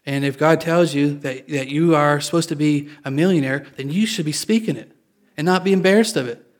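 A man's voice: a little high, fairly quick. A man preaching a sermon in a casual, confessional way, joking with his listeners. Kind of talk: conversational sermon.

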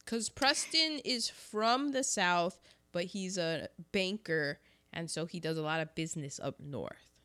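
A woman's voice: fairly low pitch, unhurried. A woman co-hosting a casual chat, recapping a film with jokes and playful asides. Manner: animated, jokey, acts out characters in exaggerated voices. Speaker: podcast co-host.

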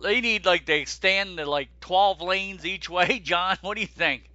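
High, bright-voiced animated man. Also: a little slow, no echo, dull audio. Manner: animated, joking, swears casually, keeps addressing his co-host. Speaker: podcast co-host reading theme park news. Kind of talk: casual chat.

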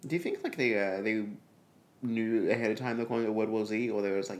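Young male podcast co-host, low-pitched, rambling and crude in casual banter. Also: quick pace. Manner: rambling, swearing, animated storytelling.

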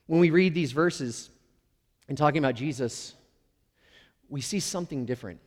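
A man's voice: fairly high pitch, moderate pace. A middle-aged male pastor giving a conversational, candid sermon with playful, self-deprecating asides. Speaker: lead pastor. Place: church sanctuary. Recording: long reverb of a large hall.

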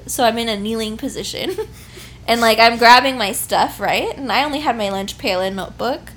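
A woman's voice: on the high side, normal speed, fairly bright tone, slight background noise. A pregnant young woman telling an embarrassing story in casual chat, laughing often and swearing freely.

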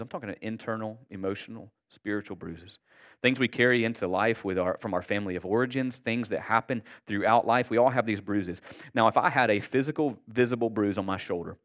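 A man's voice: lowish voice, highs cut off. Earnest man preaching a sermon. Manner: earnest, conversational, checks in with "right?" and "okay?". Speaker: pastor.

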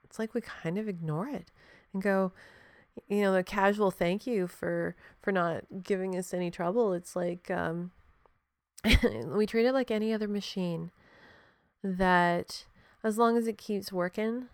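A woman's voice: medium pitch, steady tone, unhurried, dry recording. Frank, profane woman hosting a podcast. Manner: frank, profane, laughs often, talks straight to the listener. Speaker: podcast host. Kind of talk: casual reflective monologue.

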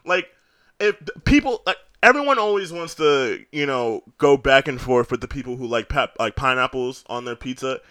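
A man's voice: medium pitch, lively intonation, moderate pace, fairly bright tone, no room sound. Heated New guy ranting. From New York. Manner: heated, rambling rant with lots of swearing. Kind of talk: casual chat.

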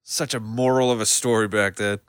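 A man's voice: fairly low pitch, steady tone, brisk, clear, resonant tone, no room sound, clean studio sound. A man in casual chat, laid-back, chiming in with short reactions and swearing.

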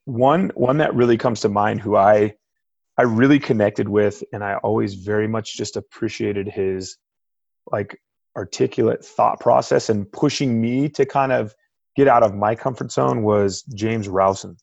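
A man's voice: on the low side, a little slow, creaky, darkish tone, dry recording, muffled recording. A man in his thirties, a baseball coach answering on a panel in a reflective, conversational way.

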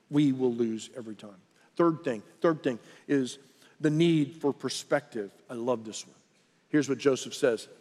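A man preaching a sermon as a pastor, talking conversationally and acting out quotes with lively voices. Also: medium pitch. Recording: reverberant hall.

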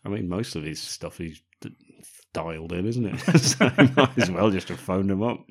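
A man co-hosting a podcast, chatting casually about a film with dry, deadpan jokes. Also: low voice, normal speed, breathy edge. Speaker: podcast co-host. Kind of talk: casual film-review chat.

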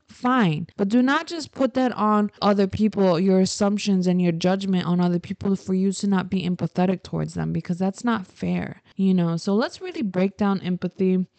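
A woman's voice: mid-range voice, dark tone, dry recording, rough recording. A young woman talking casually to her viewers in a chatty, emphatic way with sassy asides. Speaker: vlogger. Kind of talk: casual talk to camera.

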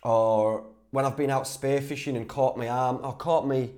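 A young man from Whitby, North Yorkshire, England, with a local accent, hosts a casual solo podcast Q&A answering listener questions. His mid-range, darkish voice has fairly even intonation at a moderate pace, and he's chatty and laddish, laughing easily and restarting sentences.

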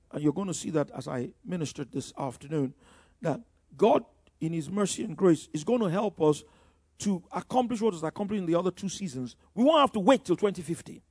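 Older man preaching, high voice, husky, emphatic sermon, lots of restarts. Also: darkish tone, no echo, clean studio sound. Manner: emphatic preaching with frequent "you know" and repeated restarts. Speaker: pastor.

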